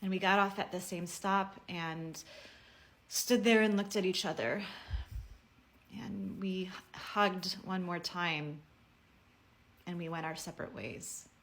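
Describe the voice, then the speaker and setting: Woman, lowish voice, earnest and measured, heartfelt personal message to camera. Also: fairly even intonation, fairly bright tone. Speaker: personal video speaker.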